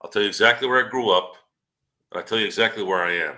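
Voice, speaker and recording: A man co-hosting a casual sports podcast, telling animated stories, swearing freely and acting out the people he quotes. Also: on the low side, quick pace. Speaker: podcast co-host.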